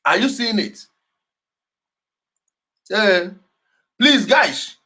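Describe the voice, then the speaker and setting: A man's voice: high voice, animated, very slow, bright, forceful tone, slightly rough. A man hosting a show, reacting to clips with emphatic, repetitive commentary and frequent laughter. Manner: emphatic, repeats key words, laughs often. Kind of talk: animated commentary over clips.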